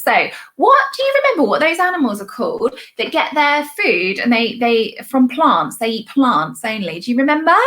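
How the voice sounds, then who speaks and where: A young woman who teaches primary school records an online lesson for small children, praising them in a bright, encouraging, sing-song way. Her pitch is fairly high.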